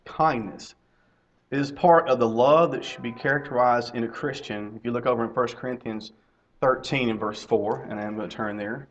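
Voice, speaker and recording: A man's voice: mid-range voice, steady tone, moderate pace. Middle-aged guy preaching to his church, chatty, repeats himself, asks the crowd stuff, kinda dull lo-fi sound. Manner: conversational, repeats key phrases, asks questions. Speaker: lay preacher and teacher. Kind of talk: sermon. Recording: slightly dull lo-fi recording.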